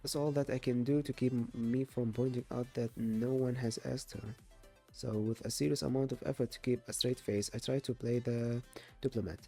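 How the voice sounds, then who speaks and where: A man reading a dating game's story aloud as a gaming video host, halting with fillers and restarts. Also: medium pitch, level tone, dark tone, soft background music. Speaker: gaming YouTuber.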